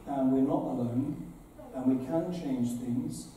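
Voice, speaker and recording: A man's voice: mid-range voice, slow, mellow. A man, a bishop, giving an earnest, conversational address to an assembly, with dramatic retellings. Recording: very echoey hall, voice from far off, faint noise.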